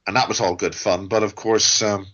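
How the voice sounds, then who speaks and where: Middle-aged guy ranting on an interview show, lowish voice, dull lo-fi call sound. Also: fairly even intonation, moderate pace, fairly bright tone. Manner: ranting, digressive, wry. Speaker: guest. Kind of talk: rambling interview talk.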